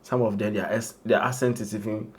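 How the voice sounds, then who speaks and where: A man's voice: fairly low pitch, flat delivery, a little fast, a little mellow. Laughing Ghanaian man co-hosting. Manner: laughs often, rambling and easygoing. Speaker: co-host. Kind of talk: casual chat.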